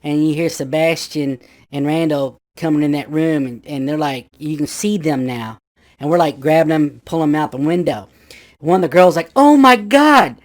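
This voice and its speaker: A man's voice: fairly high pitch, a little mellow. A man in his fifties casually telling a ghost story from his youth, rambling with restarts and acting out his friends' voices.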